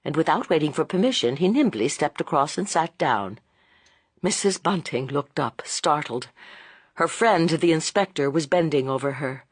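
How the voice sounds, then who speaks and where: An audiobook narrator reading a classic novel in a measured, expressive way. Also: medium pitch, slightly rough, no echo.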